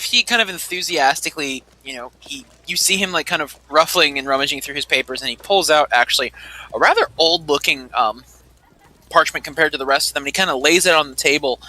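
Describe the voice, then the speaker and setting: A man narrating as game master, animated and chuckling, with a lot of "kind of" as he sets scenes. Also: on the high side, rough recording.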